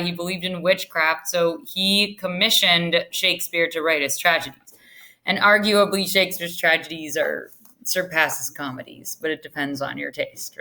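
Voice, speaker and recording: A woman's voice: fairly low pitch, bright, forceful tone. A woman teacher giving a casual lesson from home, chatty and full of ums and restarts. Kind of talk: casual online literature lesson.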